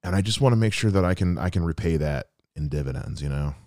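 A man's voice: sits low, animated, fast, a little mellow, dry recording. A man in his thirties hosting a solo podcast, talking earnestly and reflectively about someone close to him. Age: 30s. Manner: earnest and reflective, with quoted asides. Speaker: podcast host. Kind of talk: heartfelt solo podcast monologue.

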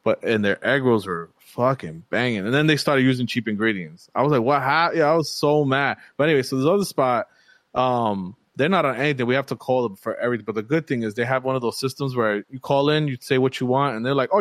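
A man's voice: mid-range voice, fast, no room sound. A young man in casual chat, a rambling, profane storyteller who acts out the people he quotes.

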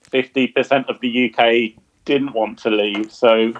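English bloke guesting on a podcast, mid voice, bit hesitant, muffled dull line. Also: male voice, medium pitch, steady tone, measured pace. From England. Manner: hesitant, self-deprecating, many restarts. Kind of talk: casual chat.

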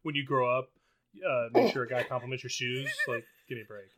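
A man's voice: medium pitch, fairly even intonation, fast talker, a bit bright. A man co-hosting a casual film chat, joking and sarcastic, slipping into playful quoted voices. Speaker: podcast co-host.

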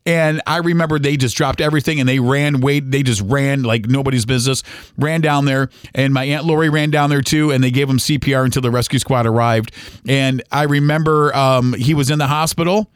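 A man in his forties, a podcast host telling a personal story in an earnest, halting way with many fillers and restarts. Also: medium pitch, fairly even intonation, clear, resonant tone, no room sound, studio quality. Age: 40s.

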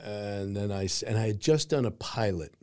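A middle-aged man, an actor guest, telling stories in an animated way and acting out quotes. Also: lowish voice, moderate pace, dry recording, studio quality. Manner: animated storyteller, acts out quotes. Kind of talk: casual interview storytelling.

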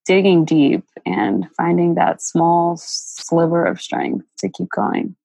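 Creaky, husky-voiced woman, halting and emotional guest, dry close sound. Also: fairly low pitch, steady tone, mellow, no echo, poor audio. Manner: halting, many fillers and restarts, emotional. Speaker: interview guest. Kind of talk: candid personal storytelling.

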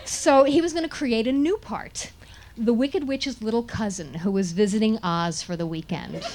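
Higher-voiced woman telling a comic story. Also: moderate pace. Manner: animated, indignant and laughing through the story. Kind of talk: first-person comic storytelling.

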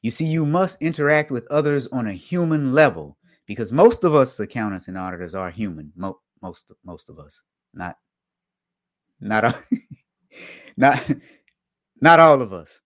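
Animated man hosting a casual talk. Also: moderate pace. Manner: dry humor, repeats his points for emphasis; animated, jumps up in pitch and volume for emphasis. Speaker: host of an online show for auditors. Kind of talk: casual live-stream talk.

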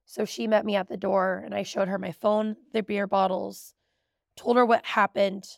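A woman's voice: mid-range voice, flat delivery, moderate pace, gravelly, darkish tone, no echo, clean studio sound. A woman in her thirties, a podcast host, telling a personal story in a candid, emotional way. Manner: candid, emotional, tearful at times.

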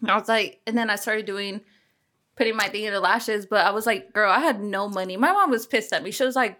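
Young woman host, bright forceful voice, blunt swearing, quick laughs. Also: medium pitch. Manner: candid, swears freely, laughs often. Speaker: podcast host. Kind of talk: casual chat.

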